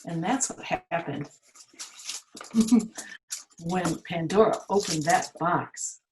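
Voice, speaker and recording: A woman telling a story to children at a museum, in a gentle, expressive manner, asking her listeners questions. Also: lowish voice, slow, noisy background.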